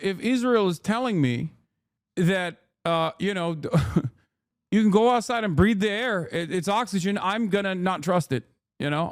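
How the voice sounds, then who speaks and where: Sarcastic streamer guy, fairly high voice, dry close mic, swears a bit. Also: no echo. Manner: sarcastic, animated, profane. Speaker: streamer host. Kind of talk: casual commentary.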